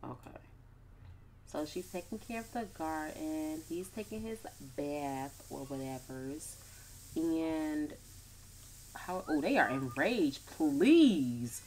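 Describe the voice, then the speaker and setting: A woman's voice: deep voice, slow, darkish tone, slight background noise. A young woman casually commenting on her life-sim gameplay with playful, slangy asides. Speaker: gaming YouTuber.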